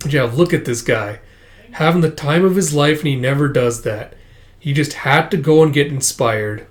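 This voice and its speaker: A man's voice: on the high side, moderate pace. Chatty man reading manga aloud. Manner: chatty, many fillers, laughs while reading, raises voice for quoted lines. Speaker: manga reaction host. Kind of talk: casual manga read-through, reading dialogue aloud.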